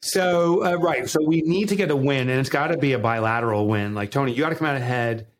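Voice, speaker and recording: A man's voice: medium pitch, fast talker, slight background noise. A man with a New Jersey accent, a guest author talking emphatically in a podcast interview. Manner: emphatic, animated, motivational.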